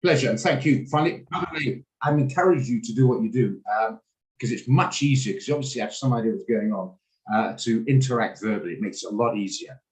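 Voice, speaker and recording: A man's voice: medium pitch, quick pace, a little mellow, rough recording. Chatty man coaching a trading class. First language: English. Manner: chatty, rambling, laughs often. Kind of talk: live online trading class. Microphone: video call.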